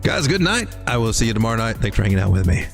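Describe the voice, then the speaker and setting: A man's voice: on the low side, sing-song, very fast, creaky, music in the background. A man hosting a casual late-night show, with playful, mock-scolding banter. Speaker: host.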